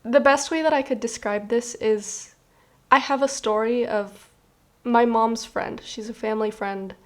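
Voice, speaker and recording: A woman's voice: on the high side, steady tone, unhurried. A woman reading tarot cards to camera in a casual, earnest, rambling way, with many "like" fillers. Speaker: tarot reader.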